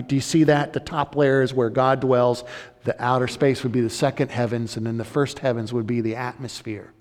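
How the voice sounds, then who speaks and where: Earnest and conversational, a male pastor preaches while repeatedly starting his phrases over. He has a medium pitch and a darkish tone, captured with long hall reverb.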